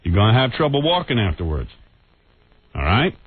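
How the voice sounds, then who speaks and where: A man's voice: lowish voice, wildly swooping pitch, normal speed, husky, dry recording. A man hosting a radio show, taunting a rival in a crude, mock-menacing bit. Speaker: radio host. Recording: tinny lo-fi radio broadcast, faint hiss.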